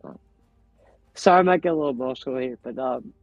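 A man's voice: medium pitch, fast talker, dry recording, faint music behind. A man guest on a podcast, talking casually and earnestly about his feelings and his bond with nature. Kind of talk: casual conversation. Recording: dull, lo-fi podcast audio.

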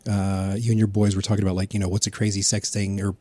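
A middle-aged man with a husky, somewhat low voice tells a rambling, profane story, laughing at his own tale. The recording is dry and close. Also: flat delivery, quick pace, darkish tone, dry recording. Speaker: podcast guest. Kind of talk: casual storytelling.

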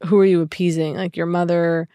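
A woman comedian chatting animatedly in an interview, with many fillers and quick laughs. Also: lowish voice, flat delivery, mellow, dry recording, clean studio sound. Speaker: comedian, sketch co-creator. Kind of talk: casual interview chat.

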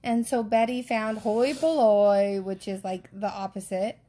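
A woman's voice: medium pitch, fairly even intonation, measured pace, dark tone. A woman co-hosting a podcast, chatty and teasing, who laughs along with her guest. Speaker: podcast co-host. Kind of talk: casual podcast interview.

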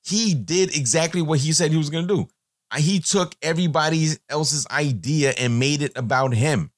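A man's voice: fairly high pitch, normal speed, no echo. Podcast guy going off, crude and rambly, lots of uhs, dry close mic. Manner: blunt and profane, rambling with many fillers. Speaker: podcast host. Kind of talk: opinionated podcast monologue.

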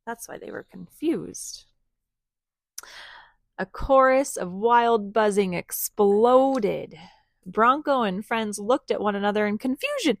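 A woman at home reading a storybook aloud to her children, pausing to ask them gentle questions. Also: medium pitch, dry recording.

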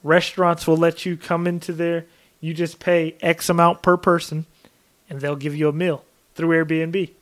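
A man co-hosting a podcast, chatting in a relaxed way with lots of "like" fillers. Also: on the high side, moderate pace. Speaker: podcast co-host. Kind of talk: casual chat.

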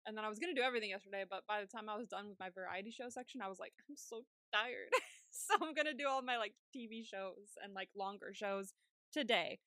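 Bright chatty young woman podcaster. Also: medium pitch, fast, no room sound, clean studio sound. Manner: chatty, laughs often, acts out her own reactions. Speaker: podcast co-host. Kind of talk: casual chat.

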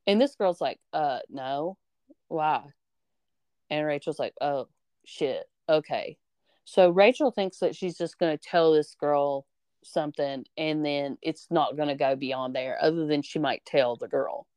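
A young woman tells a high school story on her podcast with lively, animated energy, putting on the voices of the people she quotes. Her voice sits on the low side and is smooth and clear, recorded dry and close to the mic. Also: unhurried, dry recording. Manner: animated, acts out quoted voices, swears freely. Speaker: podcast host. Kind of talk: casual storytelling chat.

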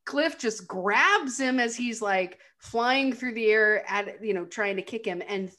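A woman co-hosting a casual film podcast, retelling scenes with animated quotes and laughter. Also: on the high side, unhurried. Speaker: podcast co-host. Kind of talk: casual film recap chat.

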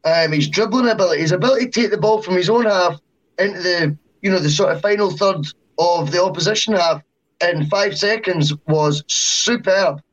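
A man on a football podcast speaking in a fairly high voice. He agrees readily, then lays out his view in a measured, analytical way. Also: lo-fi sound. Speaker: podcast co-host. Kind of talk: casual chat.

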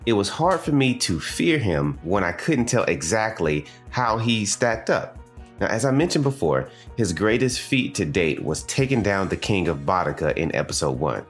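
A man's voice: low voice, very animated, moderate pace, few pauses, faint music behind. A man from the American South with a Southern accent, giving a casual spoken review as a show host, chatting with asides to his audience. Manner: conversational, with digressions and asides to the audience. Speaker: anime reviewer and podcast host.

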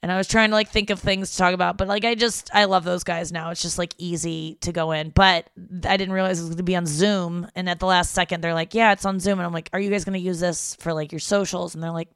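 A woman's voice: on the low side, steady tone, fast, few pauses, fairly bright tone, clean tone, dry recording, studio quality. A young woman hosting a podcast from home, rambling in a casual, irritated monologue and swearing freely. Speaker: podcast host.

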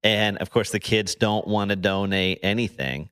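Low-voiced dad talking kids' cartoons. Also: male voice, normal speed, a bit bright, clean tone, no room sound, studio quality. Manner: enthusiastic, retells a cartoon episode in detail. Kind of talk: casual chat.

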